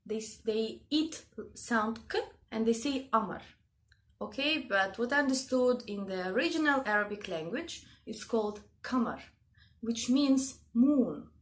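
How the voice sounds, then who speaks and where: Slow-talking Russian woman explaining words. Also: a little high, lively intonation. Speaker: language video host. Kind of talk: casual explanatory vlog.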